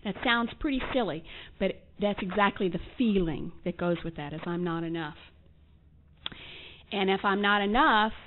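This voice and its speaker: A woman giving a candid personal testimony at a recovery meeting, telling her story with wry humor and acting out remembered conversations. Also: on the low side. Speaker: speaker sharing at a recovery group meeting. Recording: tinny phone-like lo-fi recording with faint hiss.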